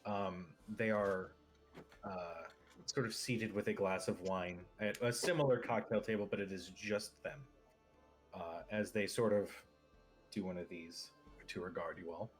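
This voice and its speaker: A man's voice: low-pitched, a little slow, faint music behind. A man narrating a tabletop game as game master, casual and rambling.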